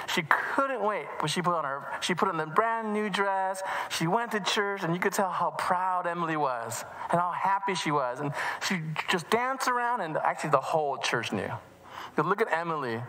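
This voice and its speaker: A man tells a children's story at church and acts out the voices as he goes. He talks in an animated way and often restarts his sentences. His voice is bright and forceful, with a long reverb from the hall. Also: sits high.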